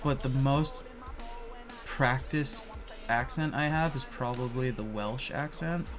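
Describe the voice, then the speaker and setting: A man's voice: medium pitch, slow, music in the background. A man hosting a live stream, chatting casually and hesitantly with lots of fillers. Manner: hesitant, full of "um" and "like". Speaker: streamer host.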